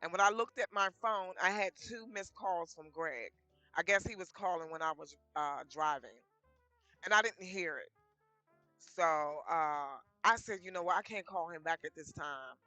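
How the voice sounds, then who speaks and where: A woman's voice: fairly low pitch, normal speed, no echo, faint music behind. A woman casually telling her life story, acting out quoted back-and-forth dialogue as she goes. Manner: lively retelling full of quoted dialogue.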